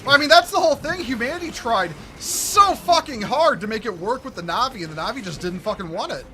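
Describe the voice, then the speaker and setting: A man's voice: very high-pitched, lively intonation, quick pace, bright, forceful tone. A man chatting casually with friends while they play a game together, stammering and swearing with mock outrage. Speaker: streamer playing a game with friends. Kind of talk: casual gaming chat.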